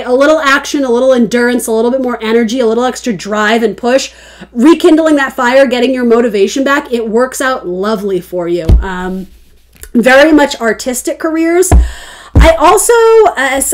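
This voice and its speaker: A young woman reads tarot for her viewers in a loose, conversational way. Her voice sits a little high, and she rambles through her thoughts with frequent laughter. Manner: chatty, rambling, laughs often. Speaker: tarot reader. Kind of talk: casual tarot reading.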